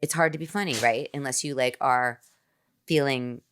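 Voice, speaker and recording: A woman, an actress, telling a lively anecdote as a podcast guest in a casual chat. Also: very deep voice, moderate pace, clean tone. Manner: animated, nervous-laughing anecdotes with fillers.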